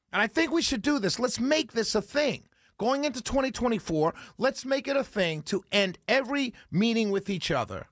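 A high-voiced man hosts a talk radio show. He preaches at his listeners, repeats himself and keeps asking rhetorical questions, all into a dry, close studio mic. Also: a bit bright, dry recording. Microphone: studio microphone.

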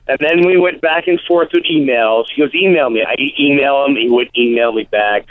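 A comedian in a casual radio interview, telling animated stories and acting out quotes. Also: male voice, mid-range voice, a little fast, no room sound. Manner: animated storytelling, acts out quotes. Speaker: comedian guest. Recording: tinny phone-line sound.

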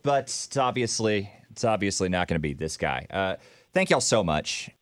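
A man's voice: low-pitched, big pitch swings, normal speed, no room sound, studio quality. A man co-hosting a radio show, wrapping up the segment with wry remarks.

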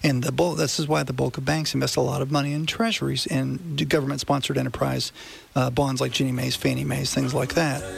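Gravelly-voiced man explaining finance. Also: mid-range voice, little pitch movement, a little fast. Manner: explanatory, conversational, checks listener understanding. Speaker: radio finance show host. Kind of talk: casual radio talk.

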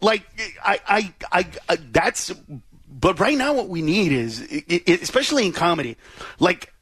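A man, a guest comedian, in casual comedic chat, animated and jokey. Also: high-pitched. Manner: animated, jokey, does quick voices.

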